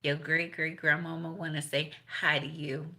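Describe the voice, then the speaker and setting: Low-voiced, blunt, profane woman tarot reader. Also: little pitch movement, normal speed, sharp tone. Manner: blunt and profane, laughs between points. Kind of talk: casual spiritual reading, profane.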